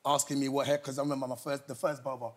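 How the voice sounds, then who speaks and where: A man from the Congo telling a lively story as a chat-show guest, laughing as he goes. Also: medium pitch, racing. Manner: animated storytelling, laughing often. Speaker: comedian guest.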